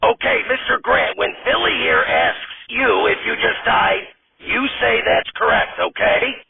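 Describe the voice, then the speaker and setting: A man doing a whiny bossy director, high-pitched. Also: fairly even intonation, unhurried, creaky, very noisy, exaggerated voice. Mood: exasperated. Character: bossy foul-mouthed male sketch director. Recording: tinny distant phone-like sound.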